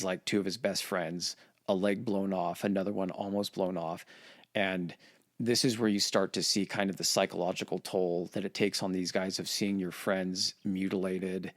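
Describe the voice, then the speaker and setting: Casual low-voiced man retelling history. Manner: swears, acts out quotes in voices. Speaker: podcast host.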